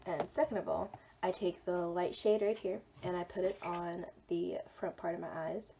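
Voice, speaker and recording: A young woman, slightly hoarse today, chatting casually through a makeup tutorial as she applies it. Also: fairly low pitch, fairly even intonation, moderate pace, noisy background. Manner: chatty, talks while applying makeup. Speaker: beauty vlogger.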